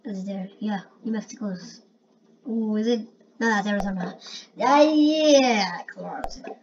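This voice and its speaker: A woman giving casual gameplay commentary, excitable and prone to loud exclamations. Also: mid-range voice, a little slow. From India. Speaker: gamer. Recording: muffled lo-fi recording with faint hiss.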